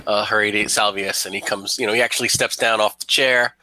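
A man's voice: fairly low pitch, steady tone, a little fast, sharp tone, slight background noise, poor audio. A man narrating a tabletop game as game master, rambling with many fillers.

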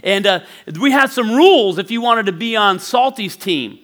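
A man in his forties preaching a sermon as pastor, telling a childhood story in a lively way and laughing often. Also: high-pitched, moderate pace. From northwestern Pennsylvania.

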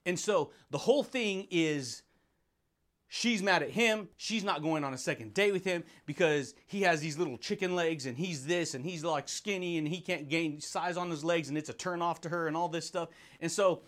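A man hosting a motivational podcast, talking in an energetic, slangy way and putting on quick voices for the people he quotes. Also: a little high. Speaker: podcast host.

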